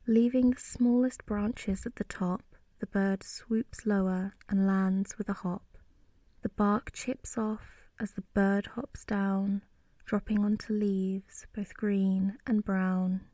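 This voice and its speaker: A woman softly whispering a rhyming bedtime story in a slow, soothing way, as whispered role-play. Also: mid-range voice, level tone, dry recording, studio quality. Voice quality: soft whispering. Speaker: sleep story narrator.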